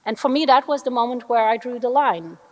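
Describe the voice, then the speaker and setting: A middle-aged woman from the Netherlands, an employment lawyer telling a personal story on a conference panel, earnest and reflective with thoughtful pauses. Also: on the high side, animated. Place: large conference hall. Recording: echoey conference hall.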